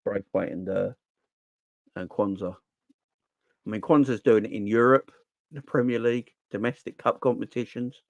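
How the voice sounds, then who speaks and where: A man hosting a casual football live stream, animated and slangy, answering the chat as he goes. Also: on the low side, moderate pace, pauses often, no room sound, highs cut off. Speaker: football channel host.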